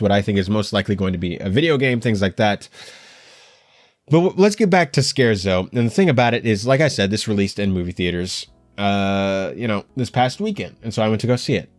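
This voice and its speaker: A young man hosting an anime news show, talking in a rambling, animated way with frequent stammers and restarts. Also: on the low side, dry recording. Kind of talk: casual solo commentary. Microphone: headphones while recording at home.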